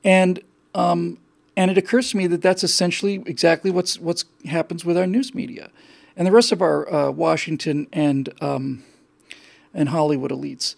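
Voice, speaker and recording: A man's voice: a little high, steady tone, moderate pace, vocal fry, a little mellow. A middle-aged man hosting a show, talking in a rambling casual monologue with many restarts and repeated words. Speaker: show host.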